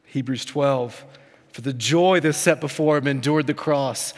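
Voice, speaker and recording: A man's voice: medium pitch, a little slow. Male pastor, 30s, earnest sermon delivery, reverberant sanctuary. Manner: earnest preaching with rising emphatic repetition. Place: church sanctuary.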